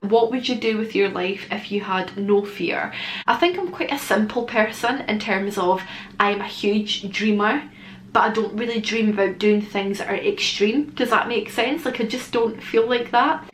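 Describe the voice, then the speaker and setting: A woman's voice: mid-range voice, normal speed. A young woman chatting candidly and emotionally in a casual Q&A vlog, swearing now and then. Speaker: vlogger. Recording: echoey room with faint noise.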